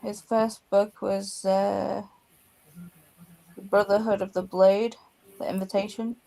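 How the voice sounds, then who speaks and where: A woman's voice: mid-range voice, flat delivery, takes it slowly, gravelly, mellow, low-quality recording. A woman in a casual book club chat who looks up facts and corrects herself as she goes.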